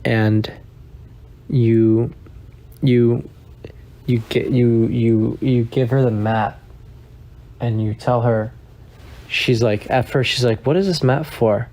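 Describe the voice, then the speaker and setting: A man giving a deadpan, absurd comedic monologue, halting often with repeated words and restarts. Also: mid-range voice.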